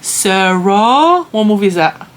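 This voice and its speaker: A woman's voice: medium pitch, big pitch swings, takes it slowly, a little hiss or hum. A woman hosting a vlog, chatting casually and teasingly with her child in a motherly way.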